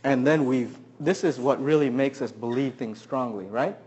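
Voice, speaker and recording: A man preaching a sermon, who keeps asking the congregation questions and swings between loud emphasis and quiet asides. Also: mid-range voice, fairly even intonation, normal speed, breathy edge. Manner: asks the audience many questions. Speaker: pastor.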